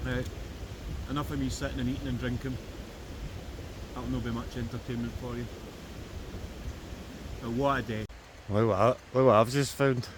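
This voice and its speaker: With a mid-range voice and steady tone, a Scottish man narrates his metal-detecting vlog in a jokey way, speaking at normal speed but pausing often. He's outdoors in woods beside a river, and the flowing water makes the recording noisy.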